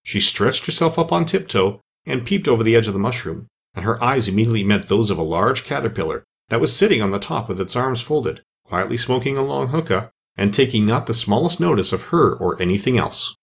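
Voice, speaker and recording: A man reading a children's storybook aloud as narrator, in expressive, lively storytelling. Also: medium pitch, brisk, vocal fry, hardly any pauses, slightly rough. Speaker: audiobook narrator.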